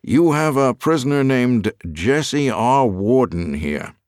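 A man's voice: mid-range voice, animated, takes it slowly, darkish tone, clear, resonant tone, no echo, clean studio sound, voice pushed up. A man doing a curious government lawyer. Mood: inquiring.

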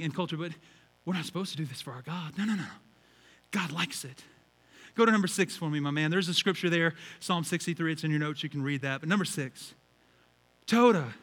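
High, bright-voiced preaching pastor. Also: male voice. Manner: animated preaching with shouts and acted-out quotes. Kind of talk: sermon. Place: large church hall. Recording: church hall reverb.

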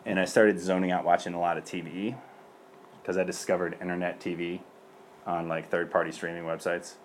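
A man's voice: low voice, flat delivery, fairly quick, a little hiss or hum. A young man speaking as a priest, giving an earnest personal testimony in a loose conversational way. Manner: earnest and conversational, many fillers.

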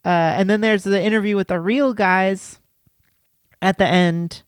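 A man's voice: high-pitched, steady tone, measured pace, smooth, no room sound, clean studio sound. A man co-hosting a podcast, retelling a film plot in loose, laughing casual talk. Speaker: podcast co-host.

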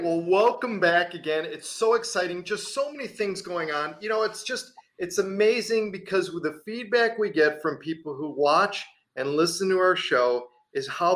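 A man's voice: fairly high pitch, a bit bright. A man hosting an interview show, enthusiastic and a bit rambling. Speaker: host.

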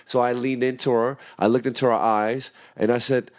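A man casually telling a story about his bartending shift to friends, swearing a lot and acting out the shouting in the quotes. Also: mid-range voice, normal speed, hardly any pauses. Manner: animated, profane, acts out shouting in quotes.

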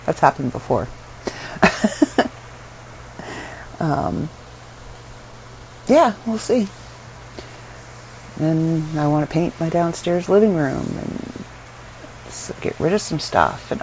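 Tired, chatty woman with a gravelly voice. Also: deep voice, sing-song, slow pace, pauses often, darkish tone. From Canada. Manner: chatty and rambling, frequent ums and laughs. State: unwell and tired. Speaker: vlogger. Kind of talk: casual chat to camera. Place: her bedroom at home. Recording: dull lo-fi sound with faint room noise.

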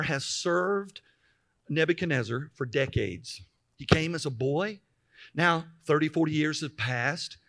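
Male pastor, high and bright, mid-sermon, reads scripture, stops to explain it. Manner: reads scripture then pauses to explain with emphatic asides.

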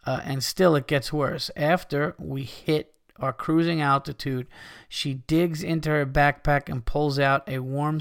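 Give me a man hosting a podcast, reading listener emails aloud and cursing often with animated storytelling. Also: fairly high pitch, clean tone, no room sound, clean studio sound. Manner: profane, laughing, animated storyteller. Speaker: podcast host.

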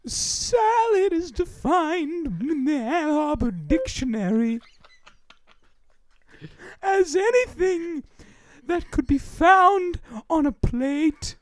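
A wailing ghost of a young woman, put on by a man, high and strained, her voice swooping far up and down. Her words are slow and stretched out in an eerie way. The sound is dry and close. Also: expressive, no echo, exaggerated voice. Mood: wailing, ghostly. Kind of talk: improvised comedy role-play.

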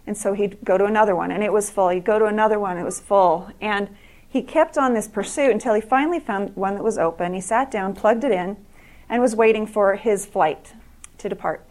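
A woman's voice: medium pitch, fairly quick, darkish tone. A middle-aged woman giving a speech to an audience, telling stories earnestly and often restarting and repeating words. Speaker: speaker at an evening event.

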